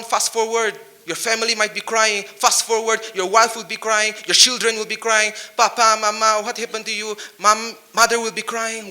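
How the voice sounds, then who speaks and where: Motivational speaker, male, high and piercingly bright voice, rhyming punchlines. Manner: rhyming wordplay, punchy and emphatic. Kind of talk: motivational speech to youth. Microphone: handheld mic.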